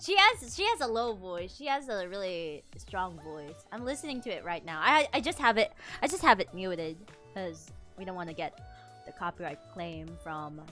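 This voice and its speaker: A woman VTuber chatting casually on a livestream, animated and giggly, rambling with lots of fillers. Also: on the low side, normal speed, faint music behind. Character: princess from another world. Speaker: VTuber streamer.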